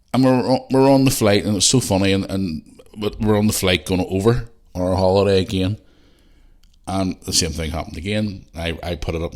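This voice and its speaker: Northern Irish man, very deep voice, sweary podcast host, rambling and heated. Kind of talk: casual monologue.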